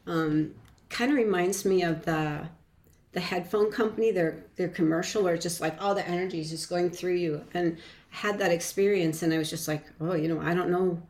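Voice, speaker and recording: A woman guest telling a personal story in a casual interview, halting and reflective, with frequent restarts and fillers. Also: lowish voice, darkish tone.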